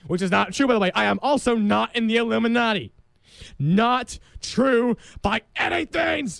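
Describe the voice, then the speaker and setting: A young man hosting a college radio show, talking in a dramatic, excitable comic monologue that bursts into shouting. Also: extremely high pitch, moderate pace, creaky, no room sound. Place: radio studio.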